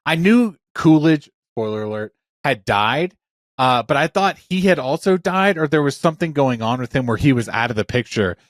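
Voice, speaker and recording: A man co-hosting a casual podcast, talking in an animated and enthusiastic way, now and then swearing. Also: medium pitch, moderate pace, no room sound, studio quality. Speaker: podcast co-host. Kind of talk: casual chat.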